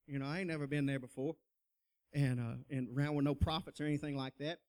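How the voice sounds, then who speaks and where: A man's voice: a little high, fairly even intonation, fast, darkish tone, smooth. Folksy preacher man. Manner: folksy storytelling, laughs often, calls to the crowd. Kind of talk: personal testimony, sermon style.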